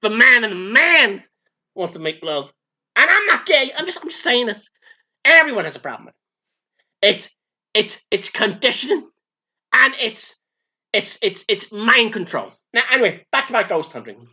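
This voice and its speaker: A man's voice: very high-pitched, big pitch swings, moderate pace, pauses often, pushed and bright, breathy edge, heavily acted. A man voicing a crude, camp, aging female Vegas showgirl, telling a rambling story full of stammered restarts. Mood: bawdy gossiping. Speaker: comedy character. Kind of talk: improvised comic monologue.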